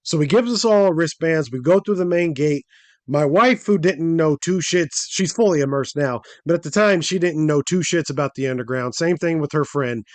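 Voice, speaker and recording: High-voiced man telling a wild story. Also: no echo. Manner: animated, profane, acts out quotes in a raised voice. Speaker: podcast host. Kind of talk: casual storytelling chat.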